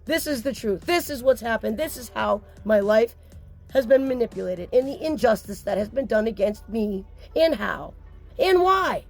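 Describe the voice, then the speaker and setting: A woman's voice: on the high side, expressive, normal speed, creaky, soft background music. A woman talking to camera as a mother speaking out, upset, insistent and blunt, with occasional swearing. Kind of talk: emotional personal vlog.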